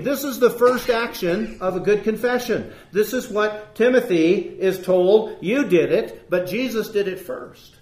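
A man's voice: high voice, unhurried, hardly any pauses. A man preaching a sermon, earnest and emphatic, reading scripture aloud and explaining it, lifting his voice on key points. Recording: roomy echo.

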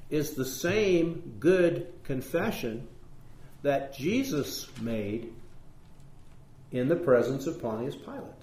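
Male preacher, emphatic sermon delivery, a touch high, echoey space. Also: a little mellow. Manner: earnest, emphatic, rising on key points. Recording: roomy echo.

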